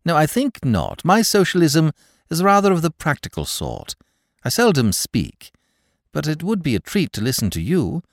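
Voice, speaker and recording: A man voicing a languid young gentleman who speaks with grave, florid irony. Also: a little high, wildly swooping pitch, moderate pace, creaky, dry recording, clean studio sound, pitched above the performer's own voice, heavily acted. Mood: mock-grave.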